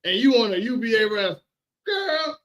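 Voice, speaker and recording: A man ranting on a casual livestream, animated and repetitive, often laughing. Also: very high voice, moderate pace, muffled recording.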